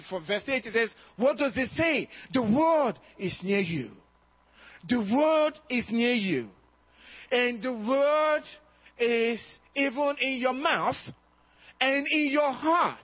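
High-voiced man preaching emphatically. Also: no room sound. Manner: emphatic preaching with repetition and call-and-response "amen?". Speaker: pastor. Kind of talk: sermon. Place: church service. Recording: dull, lo-fi dry recording.

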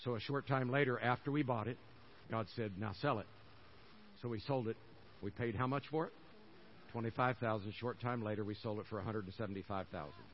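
A man's voice: fairly low pitch, brisk, lo-fi sound, slight background noise. An older man preaching a sermon as pastor, folksy and conversational, hammering phrases over and over.

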